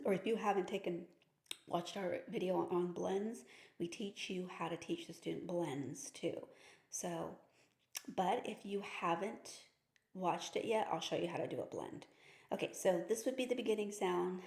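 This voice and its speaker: Female reading teacher, lowish voice, patient step-by-step phonics demo, roomy echo. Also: a little mellow. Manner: explains step by step, often asks okay. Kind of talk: instructional demonstration. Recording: echoey room.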